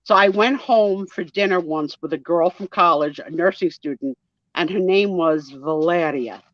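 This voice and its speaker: In a dry recording that still comes through muffled and lo-fi, a woman in her sixties with a New Jersey accent speaks at a moderate pace in a fairly low voice. As a guest storyteller, she chats casually about her family, mimicking other people's voices along the way.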